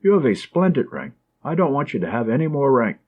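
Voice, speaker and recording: A man reading an audiobook, voicing a tender and anxious young woman in a soft, affectionate way. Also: medium pitch, big pitch swings, fairly quick, narrow, tinny audio. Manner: soft, affectionate, gently teasing.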